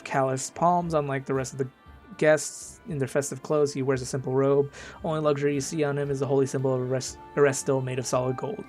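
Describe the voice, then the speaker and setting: A man playing a video game, reading its text aloud and commenting, often stumbling over names. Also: mid-range voice. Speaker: let's play gamer.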